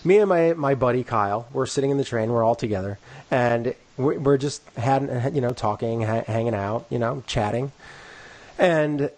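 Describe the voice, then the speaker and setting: A man's voice: mid-range voice, moderate pace. A man co-hosting a casual podcast, telling a long story in a rambling way full of "like" and "you know," and acting out the people he quotes. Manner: acts out quoted people in lively voices. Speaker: podcast co-host.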